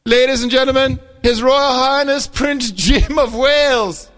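A man's voice: very high-pitched, unhurried, fairly bright tone, pitched above the performer's own voice. A man putting on the voice of a pompous male royal announcer, drawing out a grand introduction. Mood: mock grandeur.

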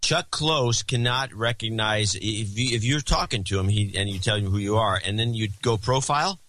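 Podcast co-host guy, wry and chatty, bright dry close voice. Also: on the low side, moderate pace, no room sound. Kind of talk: casual podcast talk.

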